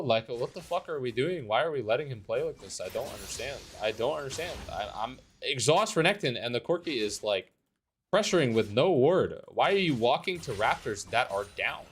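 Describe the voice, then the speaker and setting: A man's voice: medium pitch, expressive, normal speed, breathy edge. Young man, game streamer, live commentary, swearing, frustrated rant. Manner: frustrated, swearing, ranting about teammates. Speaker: streamer playing a competitive online game.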